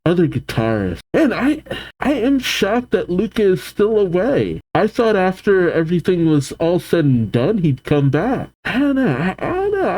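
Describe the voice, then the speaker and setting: A man reacts to a cartoon episode as he watches it, his voice swooping up and down as he exclaims. He speaks at an unhurried pace and keeps groaning and sighing as he thinks out loud. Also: a little high. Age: adult, older than the show's young fans. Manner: exclamatory, thinks aloud with many groans and sighs. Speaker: reaction video host.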